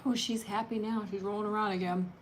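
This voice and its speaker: A woman hosting a casual eat-and-chat livestream, talking softly and rambling, with frequent laughs. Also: medium pitch, fairly even intonation, fast talker, slight background noise. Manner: chatty, soft-spoken, rambling, laughs often. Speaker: mukbang channel host.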